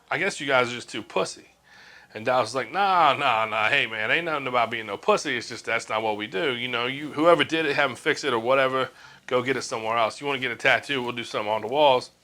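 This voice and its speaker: A man's voice: mid-range voice, bright, forceful tone. A man in his forties telling a casual story from his years as a tattoo artist, swearing freely and acting out what others said. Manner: laid-back, swears freely, acts out quoted lines.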